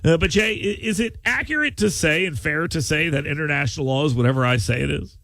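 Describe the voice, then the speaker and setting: A brash talk radio host with a high, gravelly voice. He rambles and jokes in casual banter. The studio sound is dry and close. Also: fast talker, fairly bright tone, no echo. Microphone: studio microphone.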